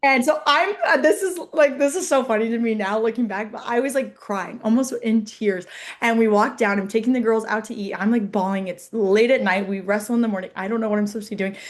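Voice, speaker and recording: A woman's voice: a little high, fairly quick. A young woman from Iowa, a head wrestling coach, chatting casually as a guest and saying "like" a lot. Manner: chatty, heavy use of "like". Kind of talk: casual interview chat.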